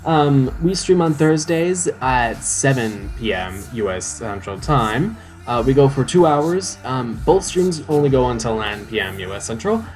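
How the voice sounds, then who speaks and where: A man's voice: mid-range voice, lively intonation, measured pace, hardly any pauses, soft background music. A young man rambling on a live game stream, full of "um"s and restarts, joking about himself. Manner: chatty, self-mocking. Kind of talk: casual live-stream chat.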